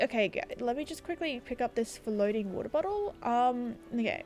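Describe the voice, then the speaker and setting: Chatty Australian woman, lively and high. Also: normal speed, few pauses, faint music behind. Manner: chatty, self-deprecating, laughs often. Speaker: gaming YouTuber. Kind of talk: casual gameplay commentary. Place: apartment room. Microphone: desk microphone.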